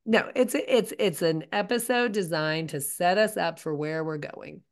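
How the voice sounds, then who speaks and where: A woman's voice: on the low side, normal speed. A woman co-hosting a podcast, chatting casually and animatedly, with stops and restarts. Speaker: podcast co-host. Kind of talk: casual chat.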